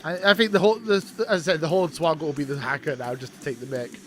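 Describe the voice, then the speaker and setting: A young Welshman rambling excitably in casual live commentary as he watches a wrestling show. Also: on the high side, fast, slight background noise. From Wales. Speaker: streamer.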